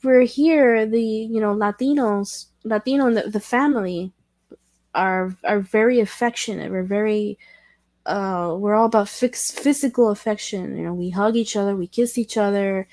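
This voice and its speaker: A woman hosting a casual livestream chat with viewers, talking in a halting way with many restarts and self-corrections, candid and self-deprecating. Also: mid-range voice, a little mellow, no room sound. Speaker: livestream host chatting with viewers.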